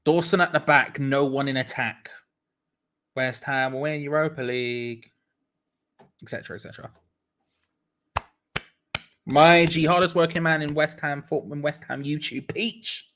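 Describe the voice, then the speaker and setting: A young man giving excitable live fan commentary on a football match, laughing often as he reads out viewers' messages. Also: fairly high pitch, moderate pace. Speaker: watch-along host.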